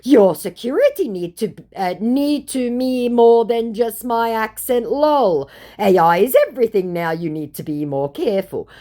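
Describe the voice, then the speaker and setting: Brief: woman playing a male celebrity-impersonating scammer, high, broken English, insistent. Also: animated, unhurried, dark tone. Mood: defensive. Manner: broken English, repetitive reassurances. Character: male online scammer posing as a celebrity, pushy and flattering.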